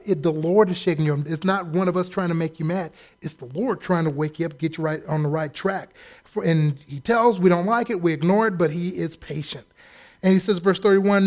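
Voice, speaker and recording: A man preaching a sermon in a conversational, animated way, joking and mimicking people as he goes. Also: high voice. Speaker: pastor.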